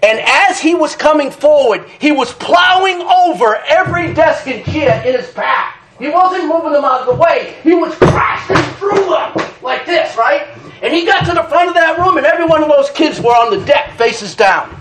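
A middle-aged man preaching a sermon, animated and dramatic, reading scripture and telling stories. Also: extremely high pitch, moderate pace, a little hiss or hum, low-quality recording. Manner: animated, dramatic, reads scripture in King James wording.

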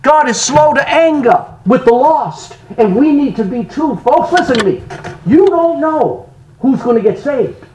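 Animated, high-pitched preaching man. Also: measured pace, noisy background. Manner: animated preaching, sudden loud rises and soft drops. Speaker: pastor. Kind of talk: sermon.

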